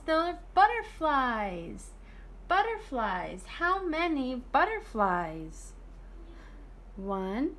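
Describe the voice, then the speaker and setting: A woman leads a small child through shapes and counting in an online preschool lesson. She speaks very slowly, with a fairly high voice that rises and falls a lot. Faint room noise sits under her voice. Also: a bit bright. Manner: slow, sing-song teacher talk with counting and praise. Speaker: teacher.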